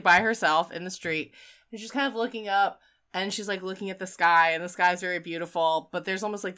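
Woman, casual chat recap; animated storyteller who swears and laughs, crisp bright tone. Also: mid-range voice. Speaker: podcast co-host recapping a film.

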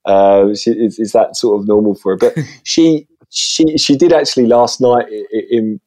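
A man, a guest chatting casually and acting out lively voices in his stories. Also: on the low side, moderate pace. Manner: chatty storytelling, lively voices when quoting. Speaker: guest, children's TV presenter. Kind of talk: casual interview chat.

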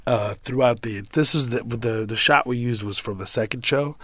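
A man from Kuwait, a comedian guest telling stories in an interview, acting out quotes with lively shifts in voice. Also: mid-range voice, normal speed. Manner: animated storyteller, acts out quotes. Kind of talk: storytelling interview.

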